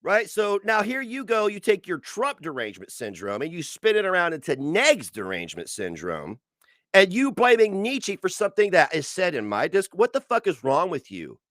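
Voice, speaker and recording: A man's voice: sits high, wildly swooping pitch, normal speed, fairly bright tone, no echo, studio quality. A man streaming from home, ranting angrily and sarcastically with heavy profanity while reacting to posts on screen. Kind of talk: angry commentary rant.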